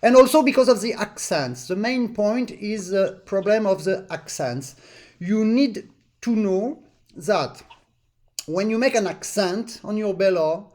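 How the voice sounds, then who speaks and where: Man, French accent, high voice, accordion teacher, sings rhythms as syllables, accordion in the background. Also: darkish tone. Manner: sings rhythms with syllables, halting non-native English. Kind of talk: live online master class.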